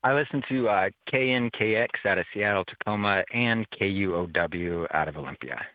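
A man's voice: on the low side, moderate pace, dry recording. A man playing a radio word puzzle by phone, thinking aloud and hesitating over answers. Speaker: listener contestant. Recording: tinny phone line.

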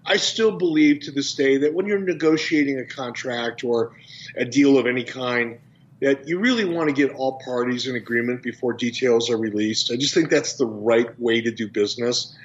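A man being interviewed as a guest, talking in a measured, businesslike way over a phone line. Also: mid-range voice. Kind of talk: casual interview.

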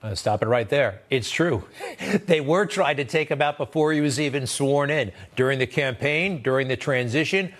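A man hosting a TV news show, delivering sarcastic, animated commentary that leaps upward in pitch for emphasis. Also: normal speed. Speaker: TV news host.

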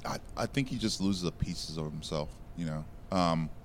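Deep-voiced man rambling through a recap. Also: normal speed, slight background noise. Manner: rambling, filler-heavy recapping. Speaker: podcast co-host. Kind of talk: casual comic book chat.

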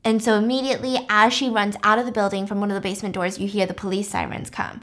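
A woman's voice: mid-range voice, level tone, fast talker, a bit bright. A woman hosting a podcast, recapping a film in a chatty, wry way with lots of "like" and "you know.". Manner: chatty, wry, many fillers like "like". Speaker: podcast host. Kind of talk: casual movie recap.

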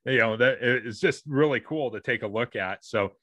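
A man's voice: medium pitch, moderate pace, pushed and bright, dry recording. A man hosting a casual podcast interview, eager and full of short affirmations. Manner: enthusiastic listener, short affirmations. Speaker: podcast host.

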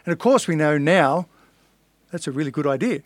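A man's voice: fairly high pitch, expressive, a little fast, no room sound. A middle-aged man with an Australian accent telling his life story in a casual interview, blunt and swearing freely, acting out the voices he quotes. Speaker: podcast guest, fighter.

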